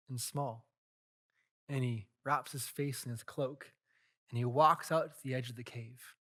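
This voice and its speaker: A man preaching a sermon as pastor, telling a story earnestly with dramatic swings in loudness. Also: mid-range voice.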